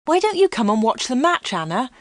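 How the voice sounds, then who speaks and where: A woman playing a keen young football fan in a storybook reading, raised high voice, eager and loud. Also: very animated, a little fast, dry recording, clean studio sound. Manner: eager, shouting. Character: excited young man cheering football.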